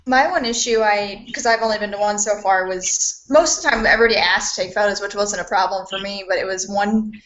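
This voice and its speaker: A woman cosplayer telling animated stories in a casual group video chat, swearing casually. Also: mid-range voice, brisk, few pauses, a little hiss or hum. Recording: lo-fi video call audio.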